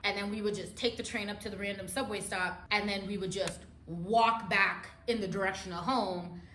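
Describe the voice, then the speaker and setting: A young woman telling a wild personal story in a storytime vlog, laughing often and swinging between hushed and loud. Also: mid-range voice, steady tone, moderate pace, reverberant, a little hiss or hum.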